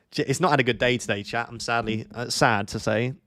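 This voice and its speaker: A man's voice: mid-range voice, normal speed, a bit bright. A young man, chatting casually with viewers on a live stream, joking and thinking aloud as he reads their comments.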